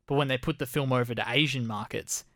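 A man's voice: mid-range voice, fast talker, a bit bright, no echo, clean studio sound. A young adult man co-hosting a casual film review podcast, laughing as he critiques dismissively. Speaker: podcast co-host.

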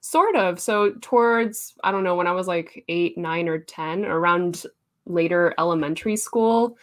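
A woman's voice: on the low side, unhurried. A young woman artist in a casual interview, chatty and laughing often, with many fillers.

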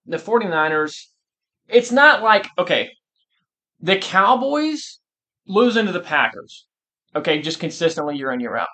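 A man with a slightly high voice chats about sports on a podcast. He talks emphatically and with lots of animation, often restarting his sentences as he pushes his point. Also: sing-song, unhurried, pauses often, bright, forceful tone. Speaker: podcast co-host. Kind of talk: casual sports chat.

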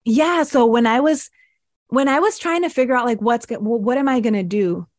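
A woman's voice: a little high, brisk, darkish tone, dry recording, studio quality. A woman, a podcast guest and breathwork mentor, telling her life story in a casual interview and acting out her past thoughts as quotes.

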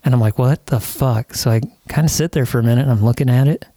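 Fast and mid-pitched, this man's warm voice comes through dry, with no echo. He co-hosts a podcast from a studio and laughs as he spins a profane story in a loose, chatty exchange.

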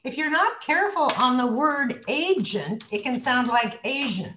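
Female voice coach, lively and demonstrative, slightly high voice, echoey room sound. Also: unhurried, noisy background. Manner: demonstrative, models sounds and words aloud. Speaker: voice and pronunciation coach. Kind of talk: coaching talk on a group video call.

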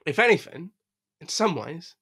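A man's voice: fairly high pitch, very animated, normal speed, pushed and bright, husky. A man co-hosting a podcast in casual chat, rambling and profane, laughing often. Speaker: podcast co-host.

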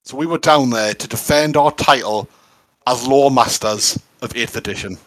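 A man's voice: medium pitch, normal speed, a bit bright, dry recording. A man, co-hosting a podcast in enthusiastic casual chat, with lots of fillers. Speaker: podcast co-host.

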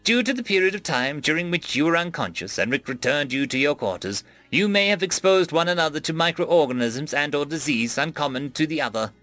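A man voicing a calm, formal male AI ship core with flat, precise phrasing. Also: fairly high pitch, brisk, few pauses, no echo, faint music behind, pitched above the performer's own voice. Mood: measured.

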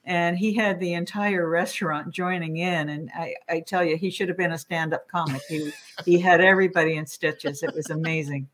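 A woman talking as an interview guest, chatty and lively as she tells stories. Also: lowish voice, moderate pace. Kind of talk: casual interview chat.

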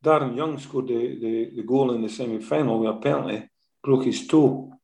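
A Scottish man with a mellow, warm voice tells animated stories from his football management days, often ending sentences with "eh?". He is recorded in an echoey room. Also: mid-range voice, normal speed, gravelly. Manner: lively storyteller, tags sentences with "eh?". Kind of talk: anecdotal interview storytelling.

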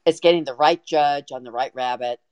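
A woman guest on a podcast, telling a story in an excited, animated way with frequent restarts. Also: very deep voice, fairly quick, no echo. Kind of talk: casual storytelling.

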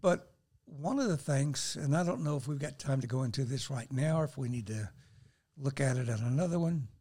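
A man's voice: medium pitch, brisk, slightly rough. An older man, a guest on a faith talk show, speaking earnestly and quoting scripture as he shares. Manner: earnest, animated, quotes scripture.

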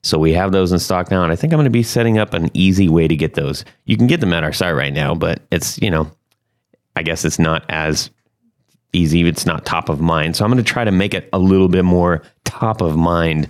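A man with a very low voice hosts a laid-back guitar gear podcast. He rambles cheerfully, jokes, and restarts his sentences with plenty of ums and uhs. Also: fairly quick. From United States. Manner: chatty, joking, filler-heavy. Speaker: podcast host. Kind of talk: casual podcast chat.

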